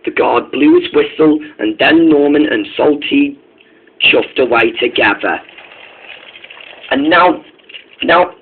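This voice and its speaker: A man's voice: on the high side, takes it slowly, long pauses, a little hiss or hum. Male storyteller, informal and eager, tinny phone-like sound. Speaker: narrator. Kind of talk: reading a toy-train story.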